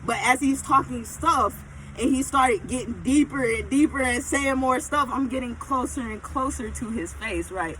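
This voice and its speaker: A woman telling a casual storytime, animated and emphatic, often checking in with her listeners. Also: sits high, normal speed, slight background noise, rough recording.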